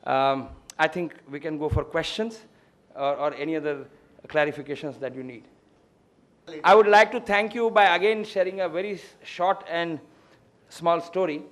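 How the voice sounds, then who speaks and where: Male guest lecturer, high-pitched and discursive. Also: normal speed, fairly bright tone. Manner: discursive, storytelling. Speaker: guest speaker on greenhouses. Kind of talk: lecture with a closing anecdote.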